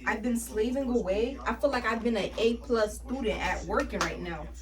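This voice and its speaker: A young woman vlogger telling a casual storytime about work, animated, slangy and full of swearing. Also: a little high, moderate pace, recorded from a distance, a crowd in the background.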